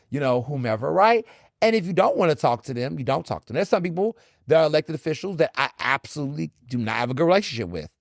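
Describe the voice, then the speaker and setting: A man from the American South hosts a solo podcast of casual commentary, talking bluntly and animatedly, swearing freely and acting out encounters. His voice sits on the high side, and the dry recording has studio quality.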